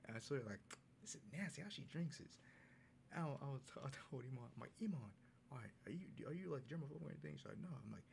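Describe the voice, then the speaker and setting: A man's voice: mid-range voice, animated, fast, gravelly, slight background noise. A young man casually telling a story in a vlog recap, in a laid-back, slangy way, acting out what people said. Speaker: vlogger.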